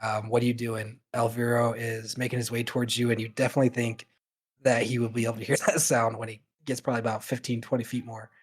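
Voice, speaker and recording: A man's voice: mid-range voice, level tone, fast talker, breathy edge. A man narrating a tabletop game as game master, in a loose style full of fillers.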